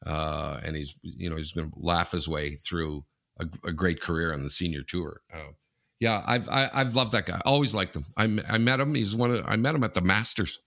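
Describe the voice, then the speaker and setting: A man's voice: sits low, normal speed, vocal fry, pushed and bright. A man co-hosting a casual sports podcast, blunt and joking, often repeating his words. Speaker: podcast co-host.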